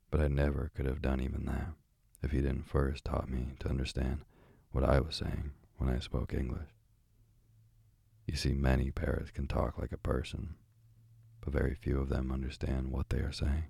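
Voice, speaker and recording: Chatty old female parrot for a sleep storybook, read by a man in his own very deep, gravelly voice; calm and unhurried. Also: no room sound, studio quality, heavily acted. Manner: calm, slow bedtime reading. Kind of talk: bedtime story reading.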